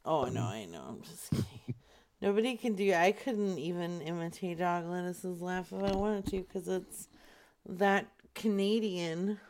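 Woman co-host, teasing and giggly, unhurried delivery. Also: fairly low pitch, darkish tone. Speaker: podcast co-host. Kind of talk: casual comedic chat.

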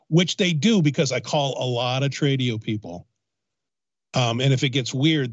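A man's voice: mid-range voice, dry recording, muffled recording. Sarcastic man on a prank call. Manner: sarcastic, deadpan teasing. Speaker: radio prank caller. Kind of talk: comedic phone bit.

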